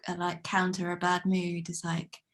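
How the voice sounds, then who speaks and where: A woman asks her questions softly and a little hesitantly. Her voice sits slightly low, and she sounds like she is set back from the mic. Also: monotone, normal speed. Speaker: interviewer. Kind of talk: casual interview questions.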